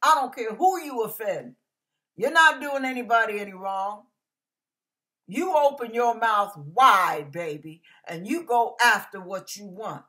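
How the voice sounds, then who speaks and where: A woman's voice: a little high, lively intonation, a little slow, sharp tone. A middle-aged woman preaching an emphatic, fiery, folksy sermon.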